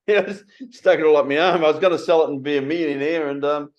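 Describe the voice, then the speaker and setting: An Australian man in his sixties hosting a casual conversation, blunt and animated, swearing freely. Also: on the high side. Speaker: podcast host. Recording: slightly muffled recording.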